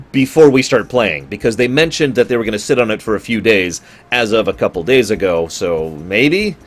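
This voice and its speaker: A male streamer talking off the cuff to his chat from a home setup. His voice sits low but moves around a lot, rising and falling as he rambles and backtracks. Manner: rambling, conversational, self-correcting; talks to chat viewers. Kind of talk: casual stream talk.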